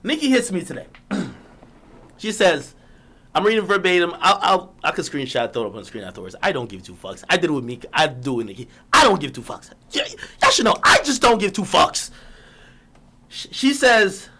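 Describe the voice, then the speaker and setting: A man's voice: high-pitched, very animated, brisk, sharp tone. A man on a live stream, ranting animatedly, laughing often and swearing as he reads out messages.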